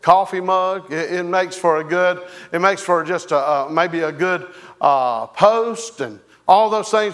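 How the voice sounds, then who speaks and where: A man preaching a sermon as pastor, halting and folksy, with many fillers and repeated words. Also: sits high, a bit bright. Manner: folksy, leads the congregation in song.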